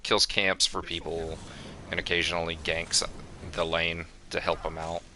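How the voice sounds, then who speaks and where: A young man explaining a game plainly and calmly while streaming it. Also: low voice, moderate pace, a little hiss or hum. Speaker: gaming streamer.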